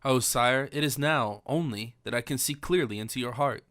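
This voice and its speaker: A man's voice: medium pitch, normal speed, fairly bright tone, no room sound, clean studio sound, natural voice. A man voicing a distraught, devout young woman in an audiobook, pleading in formal old-fashioned speech. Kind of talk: audiobook character reading.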